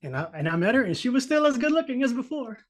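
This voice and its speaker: Profane, animated man telling a story. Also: very high-pitched, fast talker. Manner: profane, animated, acts out quoted voices. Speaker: podcast host telling a personal story. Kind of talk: casual storytelling chat.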